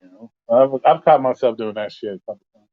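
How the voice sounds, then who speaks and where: A man's voice: mid-range voice, a little fast, dry recording. Blunt, swearing man on a tinny line. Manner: blunt, swears constantly, rants. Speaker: host of an open forum talk stream. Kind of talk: casual profane chat. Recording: dry, phone-like audio.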